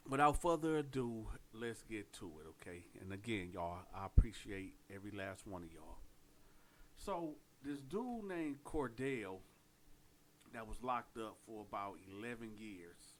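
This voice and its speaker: A man casually telling a prison story in streetwise slang, animated and direct. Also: mid-range voice, unhurried, a little hiss or hum.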